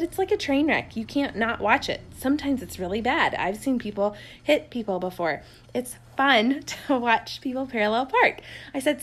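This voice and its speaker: Chatty mom with a higher voice. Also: female voice, a bit bright. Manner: chatty, rambling storyteller who laughs often. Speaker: homeschooling mother vlogging. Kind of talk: casual unscripted chat to camera. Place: sitting in an armchair at home.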